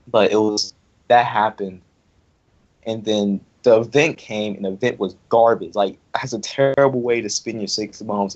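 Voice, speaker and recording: A man's voice: lowish voice, darkish tone. Ranting young man, muffled audio. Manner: angry, repetitive, ranting. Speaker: online wrestling league member. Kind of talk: heated casual rant. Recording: dull lo-fi audio.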